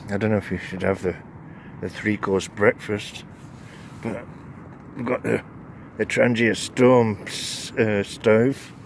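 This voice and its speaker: A man's voice: fairly low pitch, steady tone, slow, creaky. A man chats casually to his camera from inside a tent. He rambles and chuckles between thoughts, and faint wind and traffic noise sit behind his voice. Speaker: wild camping vlogger.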